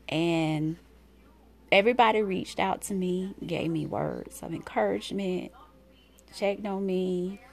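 A woman talking openly and heartfelt in a casual spiritual vlog, reading oracle cards for her viewers. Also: fairly low pitch. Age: adult mother of school-age kids. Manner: open, heartfelt, conversational. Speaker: oracle card reader.

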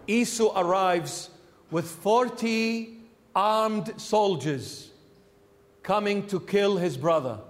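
A bishop preaching a sermon in a church, telling the story animatedly and acting out its characters. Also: male voice, high voice, long reverb tail.

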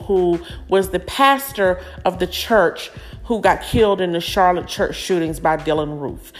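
A woman hosting a casual podcast, giving effusive, gushing shout-outs to family members. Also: mid-range voice. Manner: warm, effusive, gushing praise. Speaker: podcast host.

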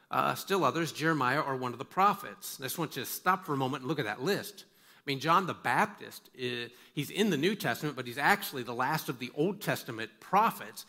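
Bright-voiced, emphatic male pastor. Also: medium pitch. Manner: emphatic, repeats words for stress; asks listeners direct questions. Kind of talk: sermon.

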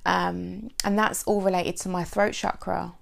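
A woman's voice: on the low side, little pitch movement, measured pace, gravelly. A woman hosting an unscripted solo podcast as a coach, talking in a heartfelt, emotional and rambling way with many fillers. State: sore throat lately.

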